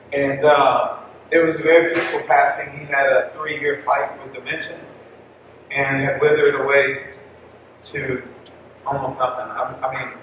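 A man's voice: mid-range voice, a bit bright, slight background noise. A young-adult man giving a heartfelt personal testimony to parents, casual and full of restarts. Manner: heartfelt storytelling, casual phrasing with many likes and restarts. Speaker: parish speaker at a family catechesis talk. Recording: echoey hall, mic far off.

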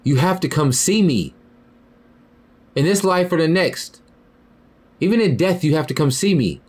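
A podcast host rants through a monologue, heated and profane, repeating "you feel me" and "bro." His pitch leaps around in lively swings, jumping into loud, high outbursts before dropping low to mutter. His pace is measured and his voice has a breathy edge.

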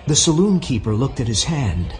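A man narrating a simple audiobook for English learners, reading clearly and deliberately. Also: medium pitch, sing-song, darkish tone, faint music behind.

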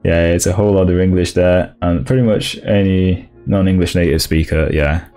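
Deep-voiced man live-coding and chatting. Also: steady tone, dark tone, faint music behind. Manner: thinks aloud, halting restarts, laughs along with chat. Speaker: coding streamer. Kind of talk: casual live-coding stream.

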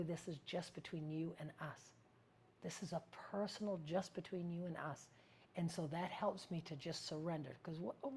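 A woman teaching spiritual practice in a casual, meandering way, often searching for words and sometimes dropping to a hush. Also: lowish voice.

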